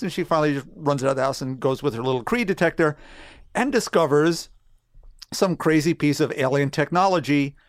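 A man co-hosting a podcast, recapping a comic in steady, detailed casual chat. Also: a little high, a little fast, no echo, studio quality. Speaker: podcast co-host.

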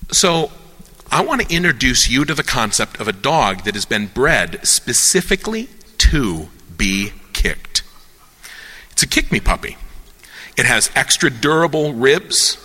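A man leading a discussion in a casual, lecture-like way, animated and joking, thinking aloud with many restarts. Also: medium pitch, big-room sound. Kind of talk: casual lecture-style talk.

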